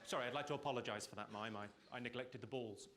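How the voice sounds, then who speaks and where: A man doing live stand-up comedy on stage, teasing the audience with quick deadpan insults. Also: medium pitch. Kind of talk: live stand-up with crowd work. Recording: loud audience laughter and noise.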